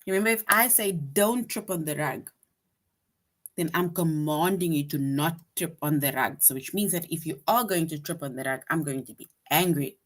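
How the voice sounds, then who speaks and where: Her voice sitting low, a woman patiently and slowly leads a lesson for young children. She stresses example sentences as she reads them and keeps asking "right?" to check in.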